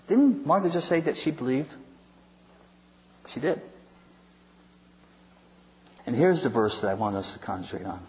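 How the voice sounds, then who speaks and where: A man's voice: mid-range voice, very animated, unhurried, pauses often, a little mellow. A male pastor preaching a sermon, retelling scripture in a conversational, storytelling way with wry asides. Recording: dull sound with long hall reverb.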